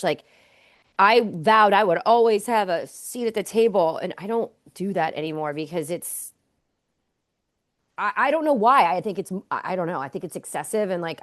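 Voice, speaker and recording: Podcast host: a woman, mid-pitched, chatty and candid, who trails off with fillers. Casual conversation.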